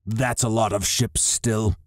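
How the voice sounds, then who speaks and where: A man doing a deep, clipped alien. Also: fairly even intonation, unhurried, dry recording, studio quality, natural voice. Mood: jovial. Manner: odd clipped cadence, one-word add-ons. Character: jovial three-armed male alien, clipped speech.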